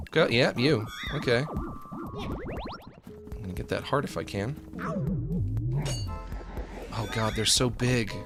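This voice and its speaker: A man rambling excitedly in casual commentary while streaming a video game. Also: medium pitch, gravelly. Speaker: gaming streamer. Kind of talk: casual live gameplay commentary.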